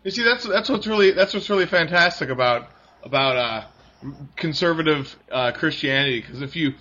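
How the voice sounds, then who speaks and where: Husky bright man, rambling political banter. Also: on the high side, expressive, fairly quick. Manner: rambling, laughing, mimicking voices. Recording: dull lo-fi recording.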